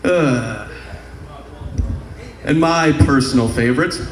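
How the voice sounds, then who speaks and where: Crude stand-up comic in an echoey club. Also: male voice, on the high side, moderate pace, a little hiss or hum. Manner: crude, rambling punchlines with sung bits. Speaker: stand-up comedian. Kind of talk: stand-up comedy set. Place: comedy club stage. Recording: echoey live club room.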